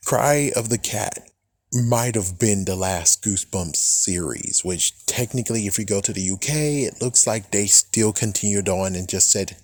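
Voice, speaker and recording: A young man ranting about books in a casual, rambling way, excitable and swearing often, mocking imagined critics in quick put-on voices. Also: lowish voice, no echo, clean studio sound. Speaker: book fan vlogger. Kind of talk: casual rant.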